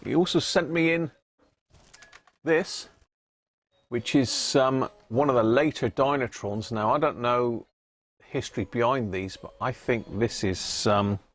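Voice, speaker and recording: A man's voice: mid-range voice, a little slow. A man hosting a casual live stream from his home workshop, chatting loosely, laughing at himself and trailing off with ums. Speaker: radio restoration livestream host.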